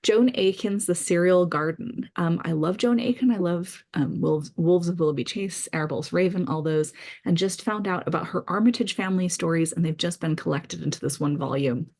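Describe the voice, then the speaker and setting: A woman's voice: lowish voice, a little fast, a little mellow. A middle-aged woman author chatting enthusiastically through her reading pile in a casual vlog, with frequent fillers. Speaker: author vlogger. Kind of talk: casual book-list vlog.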